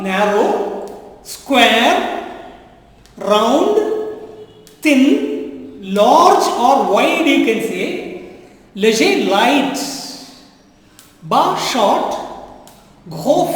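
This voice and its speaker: A man teaching a French lesson in a classroom style, drilling words slowly and again and again and quizzing the students. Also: very high voice. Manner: slow, repetitive drilling with quizzing questions. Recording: very echoey room with long reverb.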